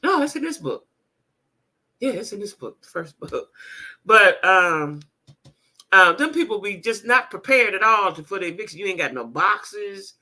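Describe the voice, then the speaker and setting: A woman's voice: medium pitch, big pitch swings, moderate pace, sharp tone. A woman hosting a casual gossip livestream. She talks straight to her viewers, reads chat names aloud, laughs often, and repeats lines for emphasis. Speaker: gossip show host.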